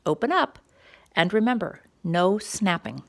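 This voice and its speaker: A woman reading a children's storybook, voicing a cheerful, bossy female groundhog in a bright, brisk way. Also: mid-range voice, big pitch swings, vocal fry. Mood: chirpy.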